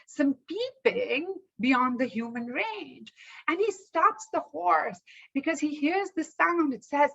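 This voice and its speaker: Slow, bright-voiced woman storyteller. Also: sits high, lo-fi sound. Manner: measured, rhythmic storytelling. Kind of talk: oral folktale telling.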